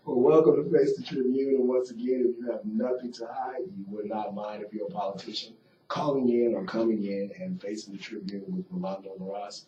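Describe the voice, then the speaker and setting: A man's voice: on the low side, steady tone, brisk, dark tone. A man co-hosting a radio talk show in an upbeat, promotional way, with a voice that cuts in and out. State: voice cutting in and out. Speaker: radio co-host. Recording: roomy lo-fi radio studio mic from a distance.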